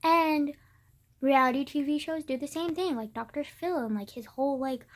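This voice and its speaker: A woman's voice: high-pitched, normal speed. A young woman venting in a casual vlog, sarcastic and profane, packing her talk with "like". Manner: profane, sarcastic, filler-heavy with constant "like". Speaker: vlogger. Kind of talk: casual rant to camera. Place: suburban home.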